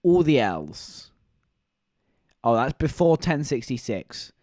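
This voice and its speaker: A man's voice: medium pitch, slow pace, pauses often, no room sound, studio quality. A man, streaming live and chatting in a rambling, joking way. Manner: rambling, joking, animated storytelling. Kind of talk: casual live-stream chat.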